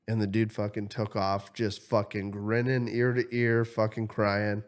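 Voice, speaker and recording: Male podcast host, lively storyteller who swears a lot and voices his characters. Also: lowish voice, a little slow, few pauses. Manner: animated, swears freely, acts out quotes. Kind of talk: casual storytelling chat.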